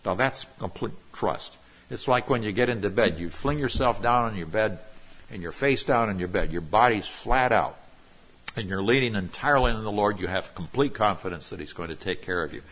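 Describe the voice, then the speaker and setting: A man with a husky voice preaches a verse-by-verse sermon. He presses hard on key words and slows right down to stretch them out, then settles back into a steady teaching tone. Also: fairly low pitch. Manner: emphatic, drawing out key words, explaining Hebrew terms. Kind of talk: expository sermon.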